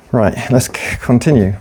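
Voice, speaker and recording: A man's voice: mid-range voice, warm tone, husky. A man telling a blunt, sweary story in a casual, unedited workout chat. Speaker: fitness vlogger.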